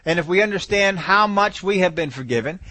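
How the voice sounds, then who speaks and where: A man's voice: high-pitched, expressive, a little fast, bright, forceful tone, no room sound. A male preacher giving a sermon, driving points home by repeating key words and numbers.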